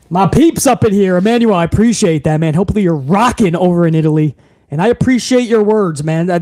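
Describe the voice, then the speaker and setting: A man's voice: high-pitched, a little mellow. A man hosting a live stream, reading viewer messages in a profane, hyped, emphatic way. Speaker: wrestling commentary streamer.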